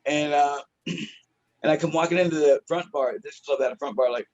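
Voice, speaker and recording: A man's voice: a little high, normal speed, darkish tone, lo-fi sound. A man who is a stand-up comedian, telling a story in a casual, profane, slangy way and laughing often.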